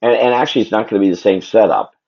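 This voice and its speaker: He talks very fast in a gravelly, slightly mellow voice on the low side, chatting and rambling to himself and his viewers while drawing on a live stream. Expect dull, lo-fi stream sound.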